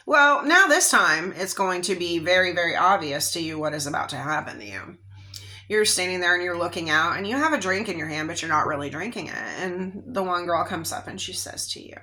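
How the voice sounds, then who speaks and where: Bright-voiced woman giving a rambling tarot reading. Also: fairly low pitch. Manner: rambling, conversational, drawn-out phrases with frequent "okay?" and fillers. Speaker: tarot reader. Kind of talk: casual psychic reading monologue.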